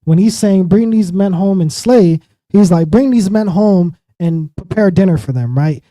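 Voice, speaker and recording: Man, bible study teacher, casual slangy explanations, very dark mellow voice, dry close sound. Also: high voice, normal speed, dry recording, poor audio. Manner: casual and animated, acting out the biblical figures in everyday slang. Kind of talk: sermon-style Bible teaching.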